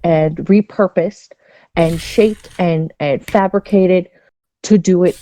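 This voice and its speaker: A woman's voice: on the low side, slow, mellow. A woman co-hosting a podcast, chatting candidly and bawdily with many restarts. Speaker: podcast co-host. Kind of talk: casual chat. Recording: dull lo-fi dry sound.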